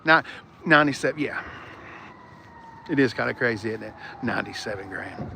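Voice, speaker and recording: A man's voice: mid-range voice, normal speed, creaky, bright, forceful tone, a little hiss or hum. A man chatting casually and profanely, reading viewer comments aloud while he walks a car lot. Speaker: car vlogger. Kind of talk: live-stream walkaround chat. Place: car dealership lot outdoors.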